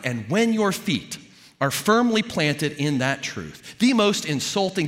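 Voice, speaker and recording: A man preaching with a lively, swooping delivery that jumps between high emphatic bursts and low hushed asides. He talks to his congregation in a conversational, emphatic way. His voice carries a long reverb, as if he is in a large hall. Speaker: pastor. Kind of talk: sermon.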